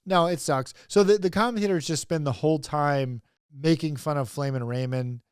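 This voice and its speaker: A man's voice: a little high, normal speed, clear, resonant tone, no echo, studio quality. A young man hosting a wrestling review, rambling casually, chuckling often and swearing freely. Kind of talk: casual comedic commentary.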